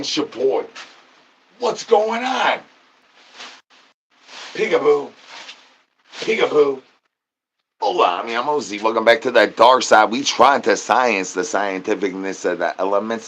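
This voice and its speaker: A man rambling through a live-stream chat, chanting nonsense rhymes and catchphrases with sudden high-pitched outbursts. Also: fairly bright tone.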